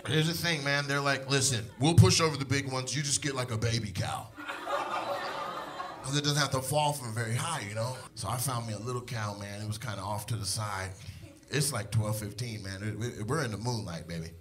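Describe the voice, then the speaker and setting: A man in his thirties performing stand-up on stage, telling a story in an animated way that swings from hushed to shouting. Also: medium pitch, fairly quick. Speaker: stand-up comedian. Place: comedy stage before a live audience.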